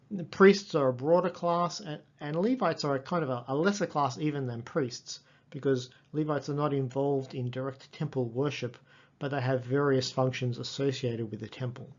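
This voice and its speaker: A man lecturing on a text, reading passages slowly and carefully and explaining them as he goes. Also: mid-range voice, a little mellow, lo-fi sound. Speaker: Greek lecturer.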